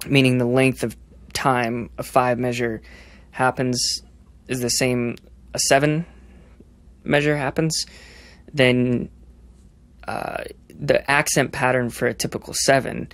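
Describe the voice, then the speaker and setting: A young man with a slightly gravelly voice walks through rhythm ideas on a podcast, humming out the beats as he goes. He backs up and restarts often, thinking aloud. The sound is dry and close. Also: mid-range voice, flat delivery, slow pace, pauses often, fairly bright tone, dry recording. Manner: explains by singing rhythms, many fillers and restarts. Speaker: drummer guest. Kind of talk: podcast interview, explaining rhythm.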